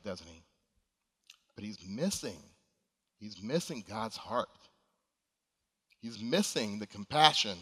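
A pastor delivers a sermon with an earnest, pleading intensity, his bright, forceful voice carrying through a church sanctuary. A long reverb trails each phrase, as from a large hall. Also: medium pitch. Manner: earnest preaching, rising to emphatic appeals.

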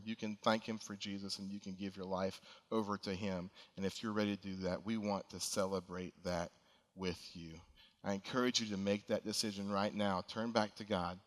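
A man's voice: lowish voice, a bit bright. A man preaching a sermon as pastor, earnest and emphatic in his appeals. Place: church sanctuary. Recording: long reverb of a large hall.

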